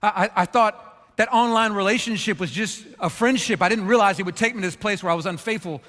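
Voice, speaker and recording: A male pastor preaching a sermon, animated, at times dropping to a hushed voice. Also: sits high, quick pace, big-room sound. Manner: animated preaching, drops to a hushed voice for quoted regrets. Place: church.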